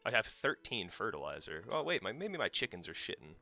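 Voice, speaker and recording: A man's voice: fairly low pitch, very animated, a little fast, gravelly, sharp tone, highs cut off, soft background music. An American man livestreaming a game, chatting casually and teasing his co-host in joking banter. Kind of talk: casual chat while gaming.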